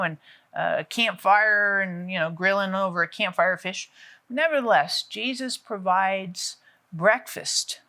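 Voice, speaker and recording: A middle-aged woman giving a conversational Bible teaching, telling the story lively and acting out the quotes. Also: mid-range voice.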